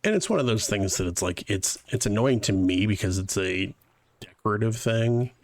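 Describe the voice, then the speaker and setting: A man's voice: lowish voice, lively intonation, moderate pace, no room sound. A man streaming a video game live, chatting casually and rambling to his viewers as he plays. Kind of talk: casual live-stream chat while playing.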